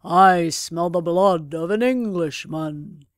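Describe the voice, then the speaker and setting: A woman voicing a huge man-eating male giant who bellows a slow chant, storybook style. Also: lowish voice, dry recording, studio quality. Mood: bellowing.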